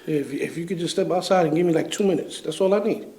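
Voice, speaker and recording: A man's voice: fairly high pitch, fast, mellow, roomy sound. A man working as a security guard in a government office, insistently repeating himself and stumbling over his words. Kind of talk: heated on-the-job confrontation. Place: indoor government office lobby.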